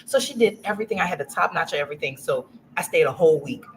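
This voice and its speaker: A woman's voice: low voice, racing, crowd noise, poor audio. A woman in her forties from Louisiana, a guest telling a casual story and acting out the voices of the people in it. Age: 40s. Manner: animated, acts out quoted voices.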